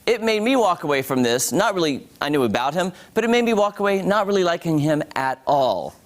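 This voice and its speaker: Chatty, animated male TV reviewer. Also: a little high, a little fast. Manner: chatty, animated, addresses viewers as guys. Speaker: TV show reviewer on a morning show. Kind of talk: casual TV review.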